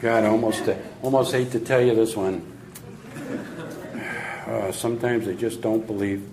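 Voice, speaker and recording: Older male humorist, animated storyteller who acts out voices; echoey hall, slight noise. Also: lowish voice, normal speed. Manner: animated joke telling, acting out voices. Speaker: sales trainer and speaker. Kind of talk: humorous storytelling talk to an audience. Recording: echoey room with faint noise.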